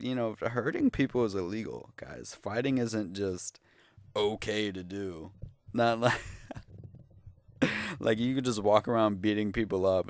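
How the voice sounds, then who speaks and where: Low-voiced young man ranting sarcastically. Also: no room sound, studio quality. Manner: exasperated, profane, sarcastic. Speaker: vlogger. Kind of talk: casual ranting monologue.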